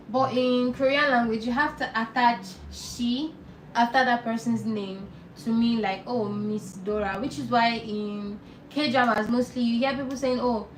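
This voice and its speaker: A woman teaching a live online language lesson, patiently explaining and repeating words slowly. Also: on the high side, far from the mic. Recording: roomy echo, off-mic, faint noise.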